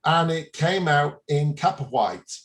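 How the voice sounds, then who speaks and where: A man in his fifties with a fairly high voice, chatting as a guest on a talk show. He tells anecdotes loosely, laughing and restarting his sentences as he goes. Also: animated, a little slow. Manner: warm storyteller, chuckles, frequent restarts. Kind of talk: casual interview anecdote.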